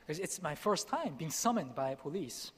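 High-voiced man telling a testimony in a hall. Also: a little slow, husky. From Korea. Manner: animated, acts out dialogue, laughs at himself. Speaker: missionary speaker. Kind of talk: personal testimony storytelling. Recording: long hall reverb.

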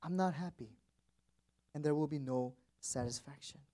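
A man's voice: a little high, normal speed, warm tone. A man preaching a sermon as pastor in a church, stressing words and repeating phrases for emphasis.

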